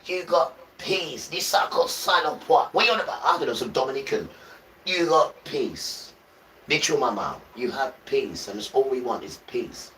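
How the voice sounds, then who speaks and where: A man's voice: medium pitch, expressive, unhurried, fairly bright tone, recorded from a distance, a little hiss or hum, low-quality recording. A man livestreaming an impassioned spiritual talk, urging his viewers directly in a preachy, urgent way. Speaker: livestream host.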